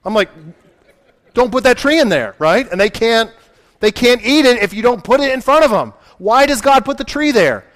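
A man's voice: extremely high pitch, animated, moderate pace, a bit bright. A man preaching a sermon in a conversational way, asking his listeners questions and acting out the voices he quotes.

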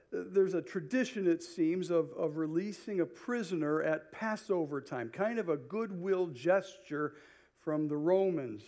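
A man's voice: high voice, darkish tone. A male pastor preaching an expository sermon, paraphrasing the people in the passage as he goes. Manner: unhurried expository preaching, paraphrasing Bible characters.

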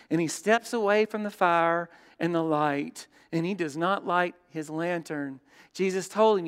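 A man preaching a sermon as pastor, telling stories and dropping from loud to hushed. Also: sits high, measured pace, clean tone. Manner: storytelling, shifts between loud and hushed. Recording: long hall reverb.

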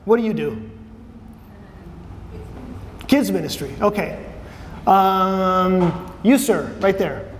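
A man's voice: high voice, expressive, takes it slowly, pauses often, a little hiss or hum. A man giving a conversational sermon to a church audience, repeating key phrases and putting questions to the room. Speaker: preacher. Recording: long hall reverb.

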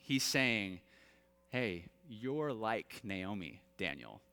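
A man in his thirties, a pastor telling humorous family stories in an animated, self-deprecating sermon, with long hall reverb. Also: on the low side. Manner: animated, self-deprecating, with laughs and acted-out quotes. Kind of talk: storytelling sermon.

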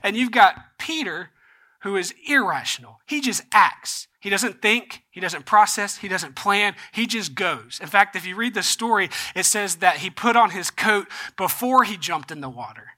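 High, bright-voiced male pastor preaching. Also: lively intonation, moderate pace. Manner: conversational, checks in with "right?". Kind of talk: sermon.

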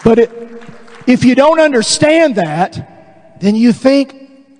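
A man with a Southern US accent preaching a sermon as a pastor, acting out voices and dropping into slow, emphatic lines. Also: very high voice, expressive, darkish tone, some chatter behind. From American South. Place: church sanctuary. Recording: long reverb in a large church hall.

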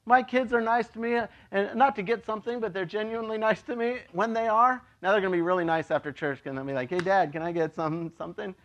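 High-voiced, animated male pastor. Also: quick pace, hardly any pauses, highs cut off. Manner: animated, acts out voices in his stories; chatty, with many "like" and "you know". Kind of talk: casual, joking sermon.

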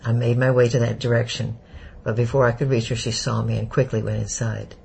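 A man narrating an audiobook in a steady, measured way. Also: medium pitch, vocal fry, a little hiss or hum, low-quality recording.

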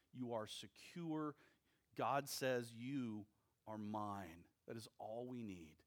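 A male pastor preaching a sermon, with slow, deliberate phrasing and emphatic pauses between short phrases. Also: mid-range voice.

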